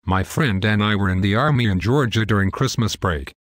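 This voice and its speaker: Laid-back man with a low voice. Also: fairly quick, no room sound, clean studio sound. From United States. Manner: profane, laid-back, matter-of-fact. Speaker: storyteller. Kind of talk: casual scripted story narration.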